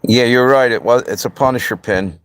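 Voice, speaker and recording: A man's voice: mid-range voice, a little fast, fairly bright tone, smooth, no room sound. Easygoing man chatting on a live stream. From Pennsylvania and Delaware area. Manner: easygoing, rambling, talks straight to the chat. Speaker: livestream host. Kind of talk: casual live-stream chat answering viewers.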